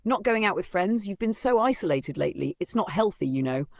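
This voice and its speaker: A man's voice: sits high, lively intonation, brisk, vocal fry, dry recording, pitched above the performer's own voice. A man doing a sly sugary stepmother. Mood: sugary, probing. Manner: sugary, knowing, probing. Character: sly, falsely cheerful scheming stepmother.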